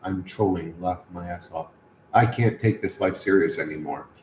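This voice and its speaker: A man's voice: deep voice, moderate pace, darkish tone, reverberant, slight background noise, poor audio. A man hosting a casual livestream, reading chat and answering in a crude, sardonic, rambling way.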